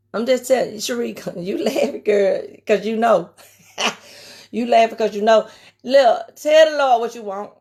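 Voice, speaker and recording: Raspy woman preaching with a country twang. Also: fairly high pitch. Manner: emphatic, repeats key phrases, addresses viewers by name. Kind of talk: casual live-stream sermon.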